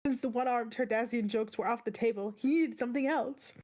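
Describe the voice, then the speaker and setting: Woman host reading aloud, slightly high voice, laughing and self-correcting. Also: fairly even intonation, a little fast, darkish tone. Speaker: book club host, reader. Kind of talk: read-aloud storytelling.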